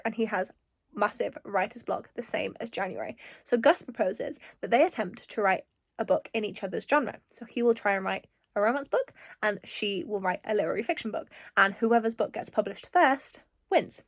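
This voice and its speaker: A woman's voice: mid-range voice, normal speed, no echo, studio quality. A woman in her twenties chatting casually about a book in a reading vlog, with lots of filler words. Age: 20s. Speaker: book vlogger.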